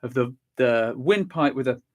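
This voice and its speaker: A cheerful man leading a vocal warm-up lesson, counting through the exercises and encouraging the listener, a little stuffy from a cold. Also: medium pitch, normal speed. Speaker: singing and vocal warm-up teacher.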